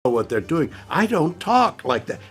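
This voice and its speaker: A man's voice: fairly high pitch, sing-song, a little slow, noisy background. An older man reviewing impressions of himself in casual commentary, exasperated and stammering over repeated words.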